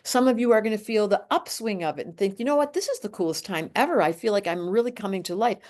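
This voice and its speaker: A woman's voice: medium pitch, fast talker. Emphatic, rambling woman in her late sixties. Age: 60s. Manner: animated, emphatic, rambling with restarts. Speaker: astrologer. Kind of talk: casual chat.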